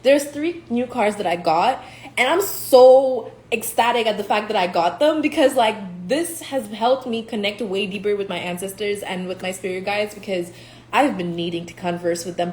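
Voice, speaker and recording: A young woman from Nigeria talks through a casual spiritual reading, blunt and profane, breaking into laughs often. Her mid-pitched voice bounces around a roomy, echoing space. A faint hiss sits under the recording. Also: darkish tone. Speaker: tarot reader. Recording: echoey room, faint hiss.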